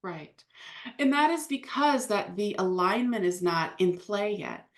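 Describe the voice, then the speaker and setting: A woman's voice: medium pitch, animated, unhurried. A woman giving channeled spiritual advice, explaining patiently and acting out imagined speakers.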